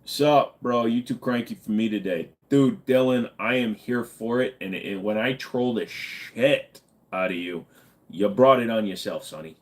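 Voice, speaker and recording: A man with a fairly low voice hosts a relaxed livestream. He reads viewers' questions aloud and answers with loose, joking, profane chatter. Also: a little slow. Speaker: livestream host. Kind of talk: casual live chat answering viewers.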